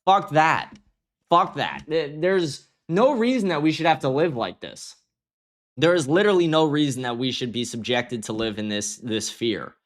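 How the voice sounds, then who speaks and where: A man's voice: fairly high pitch, lively intonation, normal speed. A young man hosting a livestream, giving angry, profane commentary and reacting to his chat. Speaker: livestream host.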